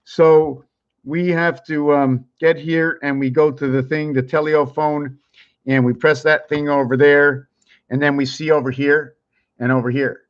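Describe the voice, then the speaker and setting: A man's voice: fairly high pitch, level tone, measured pace. A man hosting his own channel who explains things while drawing, thinking aloud in a wandering way and repeating words. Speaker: channel host. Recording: dull lo-fi sound.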